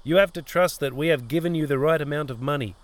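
Cold, stern Italian buyers voiced by a man in an audio story. They speak in clipped, dismissive phrases with no warmth at all. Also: a little high, fast talker, no echo, natural voice. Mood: curt.

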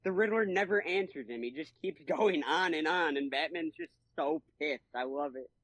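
A man's voice: a little high, normal speed, fairly bright tone, no echo. A man co-hosting a casual podcast chat, talking with enthusiasm and slang, and acting out quotes in other voices. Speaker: podcast co-host. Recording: dry, dull lo-fi sound.

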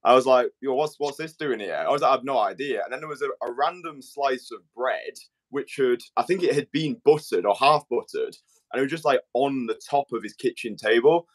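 A man's voice: mid-range voice, brisk. A man hosting his podcast in a rambling, laddish monologue, swearing freely. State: slightly out of breath. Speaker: podcast host. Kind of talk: casual monologue and chat.

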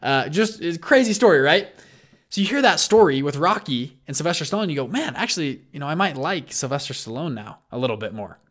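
A man hosting a show, casually retelling stories and acting out the quoted lines. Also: a little high. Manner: animated, acts out quoted lines, frequent restarts. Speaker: show host. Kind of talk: casual storytelling talk.

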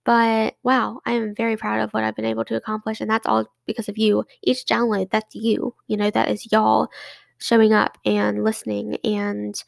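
Young woman, solo podcast host, chatty and grateful, slightly high voice with some fry. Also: completely flat delivery, moderate pace, no room sound. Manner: effusive and grateful, chatty with many restarts. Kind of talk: casual monologue to listeners.

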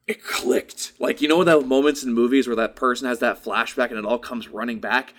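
With a mid-range voice and a brisk pace with hardly any pauses, this young co-host of a casual podcast tells stories animatedly. He swears a lot and performs the quotes he recounts.

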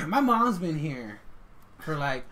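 A man co-hosting a podcast in casual chat, talking in an animated, chatty way with frequent laughter. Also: fairly high pitch, slow pace. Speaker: podcast co-host.

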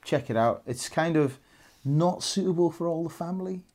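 A man's voice: on the high side, moderate pace, darkish tone. A Welsh man in his thirties co-hosting a casual film podcast, chatty and rambling, laughing often. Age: 30s. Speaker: podcast co-host.

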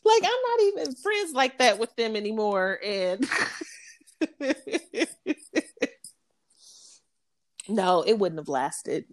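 A woman's voice: medium pitch, lively intonation, moderate pace, few pauses. A woman in her thirties, co-hosting a podcast, chatting candidly and telling stories with lots of laughter and acted-out quotes. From Western Washington. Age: 30s. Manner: chatty storyteller, laughs often, acts out quotes. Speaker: podcast co-host. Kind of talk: candid casual chat.

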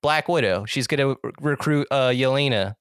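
Male co-host, bright and forward, keen theory-spinner, dry close mic. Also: mid-range voice, moderate pace, smooth, no room sound. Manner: eager, explains theories. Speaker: podcast co-host. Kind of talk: casual chat.

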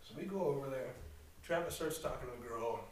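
A young man telling a crude, animated story in a casual podcast chat, swearing constantly. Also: medium pitch, a little fast, slight background noise. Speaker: podcast co-host. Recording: roomy echo, distant from mic.

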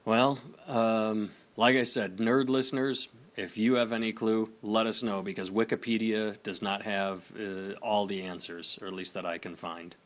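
A man hosting a casual podcast in a somewhat low voice. He chats easily and slips in dry sarcasm. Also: steady tone, moderate pace, hardly any pauses. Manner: reads aloud, then chats with dry sarcasm. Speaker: podcast host.

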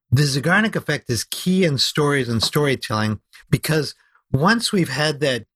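A man who is a guest on a podcast, explaining storytelling in an animated way and slowing down to stress his points. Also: mid-range voice, no room sound. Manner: animated explaining, slows down for emphasis. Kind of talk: conversational podcast interview.

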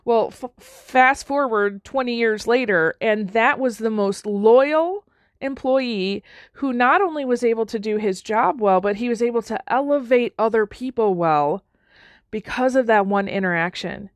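A woman's voice: fairly high pitch, measured pace, dry recording. A woman giving a motivational talk on leadership, telling stories in an earnest way and acting out the people she quotes. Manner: earnest, restarts often, acts out quoted dialogue. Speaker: leadership speaker.

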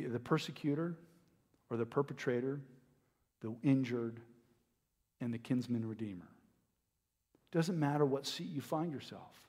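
A man's voice: mid-range voice, a little mellow, in a large hall. A man in his forties preaching a sermon, earnest and reflective, with many fillers and restarts. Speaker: pastor.

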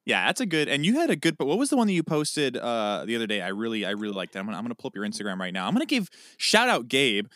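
A man's voice: medium pitch, wildly swooping pitch, very fast, few pauses, fairly bright tone, no echo, studio quality. A young man co-hosting a podcast in casual chat, playful and teasing, often restarting his sentences. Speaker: podcast co-host.

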